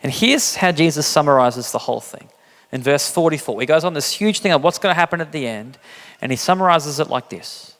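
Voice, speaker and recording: A man's voice: expressive, brisk, a bit bright. A man preaching a sermon in a casual, joking way, acting out quotes with big jumps in his voice. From England. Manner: conversational, jokey, acts out quotes with big pitch jumps. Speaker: pastor. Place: church hall. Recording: church hall reverb.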